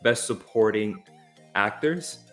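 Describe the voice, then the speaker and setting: A man's voice: fairly low pitch, animated, takes it slowly, fairly bright tone, soft background music. Impassioned man hosting a film podcast. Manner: impassioned and emphatic, with repeated restarts. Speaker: podcast co-host. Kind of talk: casual film discussion.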